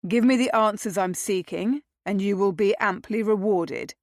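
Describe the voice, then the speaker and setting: A woman's voice: medium pitch, normal speed, a little mellow, no room sound, clean studio sound, lightly acted. Woman doing a brusque nobleman. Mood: persuasive. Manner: brusque, snapping. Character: commanding nobleman and former spy, brusque.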